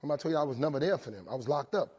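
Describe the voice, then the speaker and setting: A man's voice: medium pitch, racing, breathy edge. A man in his forties from telling his recovery story to inmates, checking in often with "right?". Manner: animated storytelling, repeats "right?". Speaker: recovery speaker. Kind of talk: testimony talk to inmates.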